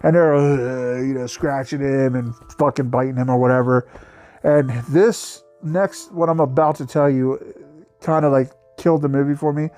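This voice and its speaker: A man's voice: mid-range voice, fairly even intonation, moderate pace, dark tone. A man hosting his own channel, giving a casual, profane, mocking review of a bad movie. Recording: faint music behind the voice.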